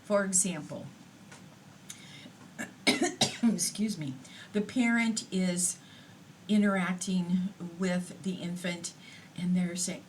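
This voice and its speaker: A woman delivers a recorded lecture at a very slow, deliberate pace. Her voice sits slightly low, and she explains patiently, stopping on an occasional filler. A faint background hiss runs under the recording. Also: steady tone, poor audio.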